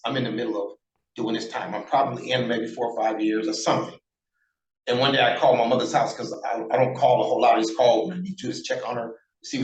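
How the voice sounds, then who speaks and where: A man in his sixties tells stories in a casual interview, blunt and profane, voicing every quoted line himself. His voice sits at a middling pitch. The recording carries a roomy echo. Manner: animated, acts out quoted dialogue, blunt and profane. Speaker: interview guest, former prisoner.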